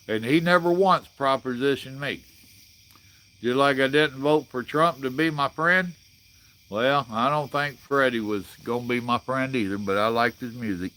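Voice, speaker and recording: A man's voice: medium pitch, sharp tone. A man, hosting a casual live chat and reading viewer comments in a blunt, folksy way. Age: 60s. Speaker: livestream host.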